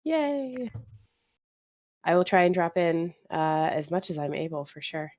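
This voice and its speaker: A woman's voice: deep voice, level tone, normal speed, a little mellow. A woman chatting in a friendly, giggly way as a guest player in a tabletop game session.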